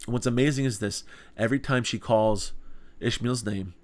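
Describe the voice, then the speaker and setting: A man's voice: medium pitch, normal speed. A man teaching a small group Bible study in an earnest, conversational way, asking rhetorical questions.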